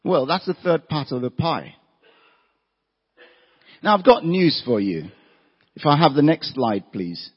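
A man's voice: on the high side, expressive, a little slow, pauses often, breathy edge. A man giving an evening seminar talk with slides, firing rhetorical questions at his audience and stressing his points. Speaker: career talk speaker. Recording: echoey hall, dull lo-fi sound.

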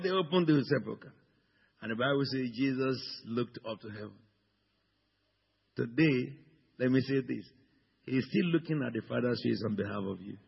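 A male pastor from Africa preaching a sermon with a husky, gravelly voice, swinging from low murmurs to loud, high exclamations. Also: normal speed, long pauses. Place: church in London. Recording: dull sound with long hall reverb.

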